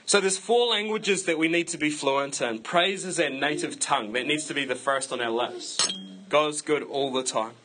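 A man's voice: fairly high pitch, normal speed, pushed and bright, poor audio. A man preaching a sermon to his church in a conversational way, breaking it up with self-deprecating jokes. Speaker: pastor.

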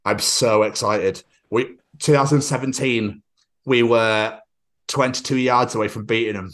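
A man, co-hosting a podcast in casual chat, excitable and sweary, acting out quotes. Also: medium pitch, normal speed. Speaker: podcast co-host.

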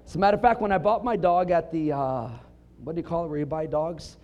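A middle-aged man preaching a sermon, telling funny stories with punchlines and building up to emphatic shouts. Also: a little high, quick pace, lo-fi sound. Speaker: pastor.

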